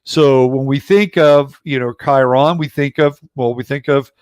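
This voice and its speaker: Slow-talking man, dry close sound. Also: medium pitch, fairly even intonation, clear, resonant tone, dry recording. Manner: rambling, conversational, blunt, with occasional swearing. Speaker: astrologer host. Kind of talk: casual livestream astrology talk.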